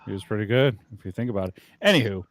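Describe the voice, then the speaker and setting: A man co-hosts a casual, comedic podcast, playing the show's injury doctor with jokes, profanity, and sudden switches into bits. His voice is fairly low and darkish, he talks very fast, and there's slight background noise.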